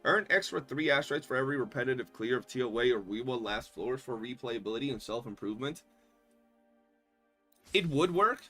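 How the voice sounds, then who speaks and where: A young man livestreaming a game, talking in a loose, animated, slangy way and swearing often. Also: medium pitch, moderate pace, faint music behind. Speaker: streamer. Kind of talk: casual gaming livestream chat.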